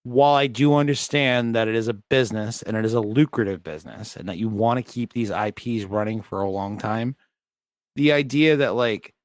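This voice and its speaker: A man's voice: medium pitch, no room sound, clean studio sound. A man co-hosting a podcast in casual chat, ranting bluntly with lots of swearing. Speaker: podcast co-host.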